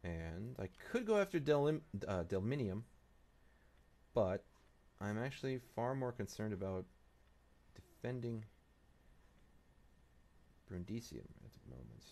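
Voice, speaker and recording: A man's voice: on the low side, sing-song, a little slow, creaky, long pauses, mellow. A man hosting a strategy game playthrough, thinking aloud and muttering to himself and the game as he plays. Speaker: let's play host.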